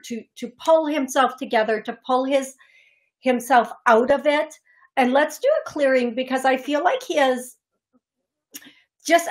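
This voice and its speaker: Chatty high-voiced woman radio medium. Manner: chatty, emotional, warm-hearted, uses fillers. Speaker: psychic medium radio host. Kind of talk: call-in reading on radio. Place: radio studio.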